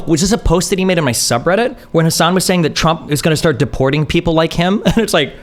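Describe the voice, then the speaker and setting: A man streaming live, reacting to clips with blunt, sarcastic commentary and frequent swearing, then explaining ideas step by step with quick "okay?" check-ins. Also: fairly high pitch, expressive, fairly bright tone.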